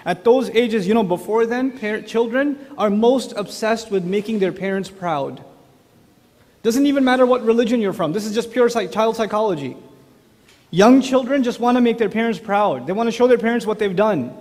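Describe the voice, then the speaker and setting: High-voiced man preaching in a hall. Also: normal speed. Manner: animated storyteller, addresses the audience directly with questions. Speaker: speaker at an Islamic lecture. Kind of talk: lively conversational religious talk.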